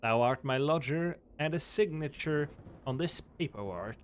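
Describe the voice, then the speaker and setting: A man's voice: on the high side, lively intonation, smooth, lightly acted. A man doing a stiff old-fashioned landlord. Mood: formal. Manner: archaic formal speech, measured and slow. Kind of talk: live game-stream voice acting.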